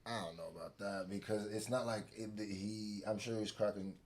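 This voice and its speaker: A man co-hosting a reaction video, musing aloud in a relaxed, casual chat. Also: lowish voice, moderate pace.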